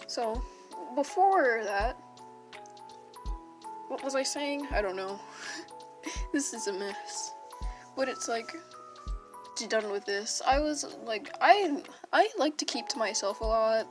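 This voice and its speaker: Young woman, storytime vlogger, unscripted and rambling, slightly high pitch, music bed underneath. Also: animated, slow pace, long pauses. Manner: rambling, self-interrupting, casual slang. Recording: music playing behind.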